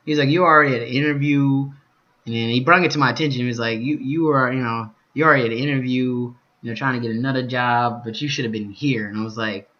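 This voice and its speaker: A young man vlogging, telling a story, shifting from calm recounting to loud cursing rants. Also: medium pitch, highs cut off. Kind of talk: storytelling vlog.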